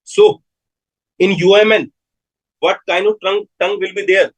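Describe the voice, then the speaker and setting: A man's voice: sits high, fairly even intonation, moderate pace, poor audio. A man with an Indian English accent giving a live medical lecture, repeating key terms and putting questions to his students.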